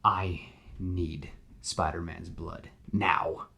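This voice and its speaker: Man voicing a calculating, menacing older businessman; slow, low, hushed. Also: animated. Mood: scheming.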